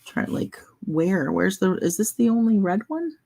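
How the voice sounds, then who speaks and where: A woman vlogger chatting in a relaxed, meandering way, thinking aloud while she colors. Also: medium pitch, a little slow, creaky, rough recording.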